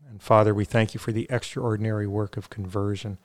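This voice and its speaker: A man's voice: fairly low pitch, little pitch movement, fast talker. A man talking earnestly on a faith podcast, with many fillers and restarts, then leading a prayer.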